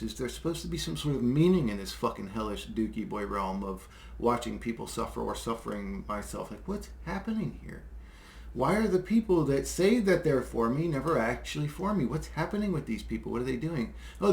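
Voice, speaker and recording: A man's voice: mid-range voice, vocal fry, reverberant. A man delivering a rambling, profane, exasperated monologue, full of fillers and short laughs. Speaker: solo video creator. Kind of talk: casual monologue rant.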